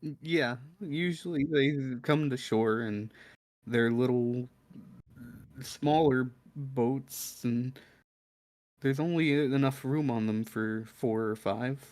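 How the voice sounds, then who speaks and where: A man's voice: medium pitch, slow pace, darkish tone, no echo, natural voice. A man voicing a nervous, stammering male village leader in a tabletop game. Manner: stammering, hesitant.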